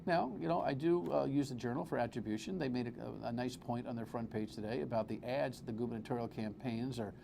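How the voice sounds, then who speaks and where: A man hosting a live TV political talk show, animated and exclamatory, full of rambling asides. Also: mid-range voice, quick pace, creaky, few pauses, noisy background.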